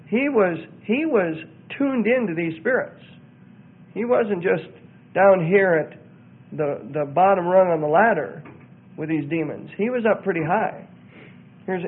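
A man's voice: high voice, slightly rough. A man preaching in a sermon-style talk, emphatic and given to repeating words for effect. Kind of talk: sermon-style teaching on a religious group. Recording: tinny phone-like audio.

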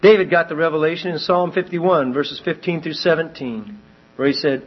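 A lively male preacher with a slightly high, husky voice, delivering a sermon and slipping into little acted-out voices to make his points. The recording sounds dull and lo-fi. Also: moderate pace. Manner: animated, acts out quoted voices.

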